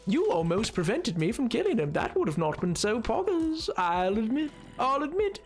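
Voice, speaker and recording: A man doing a put-on posh English accent as a prim, fussy gentleman, with mannered phrasing, while commentating his game stream. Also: very high voice, very animated, normal speed, soft background music, voice pushed up, full character voice.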